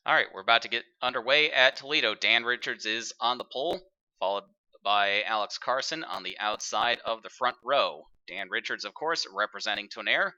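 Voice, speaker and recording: A man calls a sim race in an upbeat, broadcast-style commentary, pausing on the odd filler. His voice is very bright and forward, and his pitch sits in an ordinary middle range. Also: lively intonation, highs cut off. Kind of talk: play-by-play commentary.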